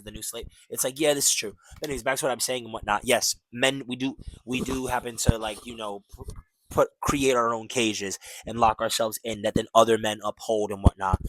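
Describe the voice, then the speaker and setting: A man's voice: on the low side, fairly bright tone, dry recording. A man in his twenties talking casually to camera, rambling and tacking "and whatnot" onto his points. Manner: rambling, peppers talk with "and whatnot". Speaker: vlogger.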